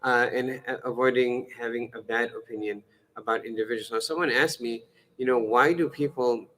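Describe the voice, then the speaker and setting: This rough recording captures a man, an Islamic lecturer, whose voice is mid-range, steady and fairly bright, moving at a moderate pace. Preaching in a lecture-style sermon, he jokes conversationally, keeps restarting words with plenty of fillers and self-corrections, and voices different characters as he acts out dialogue.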